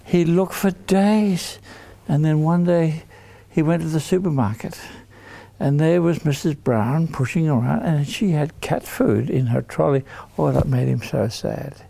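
A man telling a story to children in an animated way, putting questions to them. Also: a little high, measured pace, creaky.

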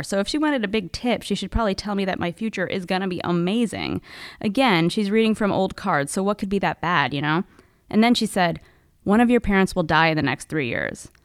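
A woman's voice: medium pitch, animated, moderate pace, no room sound, clean studio sound. A woman hosting a podcast, telling a personal story in a wry, conversational way. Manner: wry, conversational, with casual fillers. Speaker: podcast host.

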